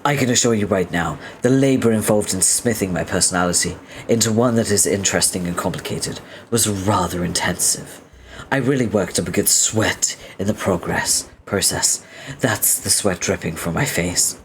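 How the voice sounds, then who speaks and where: A man's voice: low voice, normal speed, slight background noise. A man reading as a prim, long-winded young male troll inventor who talks in a formal, stiffly polite way.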